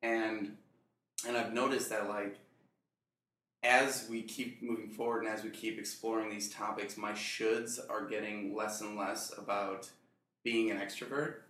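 A man's voice: on the low side, level tone, unhurried, sharp tone. A man speaking in a casual group conversation, reflecting on himself and laughing often. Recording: echoey room.

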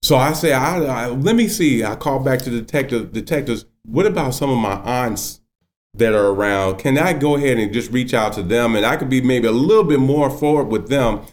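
A man's voice: medium pitch, brisk. A middle-aged man, a county judge, telling his story in an interview and acting out the dialogue he recalls. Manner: animated storyteller, acts out quoted dialogue.

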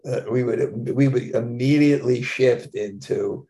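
A man's voice: medium pitch, slow, pauses often, mellow. A man teaching a scripture class in a casual, conversational way, with chuckling asides.

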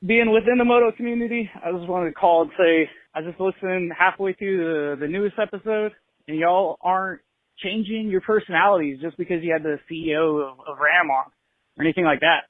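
A man's voice: high-pitched, fairly quick, no echo. A young man from California leaving a friendly, laid-back voicemail for a podcast. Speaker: caller. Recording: tinny phone line.

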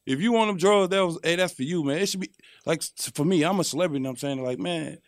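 A young man talking as a podcast guest, ranting in a loud, profane, animated way. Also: on the high side, fast, no echo. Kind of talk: casual podcast chat.

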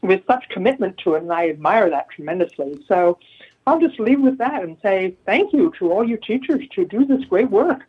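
A woman guest speaking thoughtfully in a measured way, often restarting her sentences, heard over a dull lo-fi remote line. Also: medium pitch, animated, slightly rough. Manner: thoughtful, measured, repeats starts. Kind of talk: casual interview talk.

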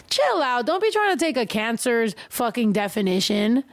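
Animated, profane woman hosting a livestream. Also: a little high, normal speed, hardly any pauses, no echo. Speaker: livestream host. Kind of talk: casual livestream chat.

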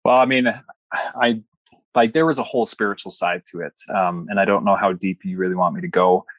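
A man's voice: sits low, steady tone, brisk, no room sound. Earnest young man telling his story. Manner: earnest, heartfelt storytelling with light humor. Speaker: podcast guest. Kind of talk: personal story told in an interview.

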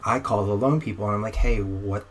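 Racing through it, a lower-voiced young guest shares a wry personal story in a relaxed, conversational way. His delivery is animated, and he performs the quoted back-and-forth himself.

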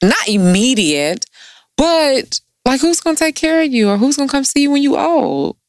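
A woman hosting a casual, playful chat, joking and animated as she talks with a friend. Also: high-pitched, normal speed, dry recording, studio quality. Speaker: podcast host.

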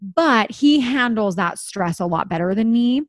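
A woman's voice: a little high, animated, unhurried, dry recording, studio quality. A woman in her thirties telling a story in casual chat, acting out the quotes and laughing often.

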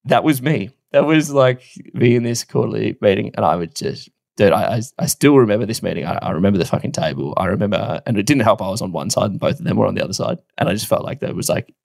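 Man, thirties, gravelly low voice, casual podcast storytelling, dry close sound. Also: quick pace, few pauses, no room sound. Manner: animated, swears casually, laughs often. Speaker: podcast co-host.

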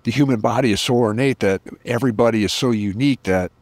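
A man's voice: mid-range voice, quick pace, darkish tone, no echo. A middle-aged man as a podcast guest, earnestly telling a personal story with reflective emphasis.

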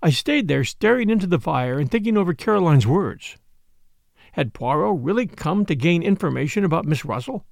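A man reading a story aloud as first-person narrator, in a measured, dryly ironic telling. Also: on the high side, lively intonation, gravelly, no echo, clean studio sound. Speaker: audiobook narrator. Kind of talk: scripted narration.

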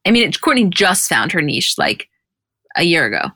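A young woman co-hosting a casual podcast, retelling scenes in an animated, giggly way. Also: on the low side, normal speed, no room sound, clean studio sound. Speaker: podcast co-host. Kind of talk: casual podcast chat recapping episodes.

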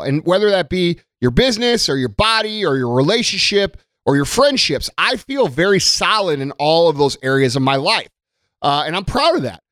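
A motivational content creator delivers a blunt, profane, emphatic monologue to his followers. His voice is a little high and a bit bright, captured in a dry, clean studio recording.

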